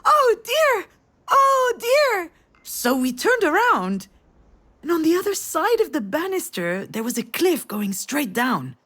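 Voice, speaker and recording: A woman's voice: very high-pitched, very animated, takes it slowly, a bit bright, full character voice. An actress playing a mother who tells her grown daughter a family memory in a tender storytelling voice. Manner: tender storytelling, rising with emotion.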